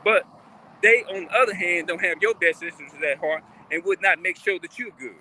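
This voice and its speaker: A man's voice: high voice, fairly quick, sharp tone, a little hiss or hum. A man talking casually on a live stream, rambling and repeating himself as he keeps asking listeners questions. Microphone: phone or webcam on a live stream.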